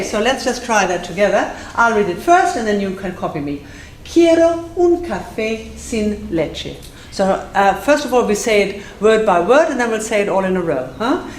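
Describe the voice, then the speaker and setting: A woman teaching a live class, playful and self-mocking, drilling phrases slowly and then fast. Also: medium pitch, slight background noise. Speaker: Spanish teacher. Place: classroom with audience. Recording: echoey room with faint ambience.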